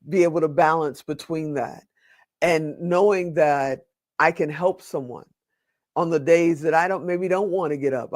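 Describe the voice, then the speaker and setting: Earnest guy on a podcast, kinda high voice, talks slow when he drives a point home. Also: a little mellow, no echo, clean studio sound. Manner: earnest, slows down for emphasis. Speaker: podcast guest. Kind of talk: personal storytelling in an interview.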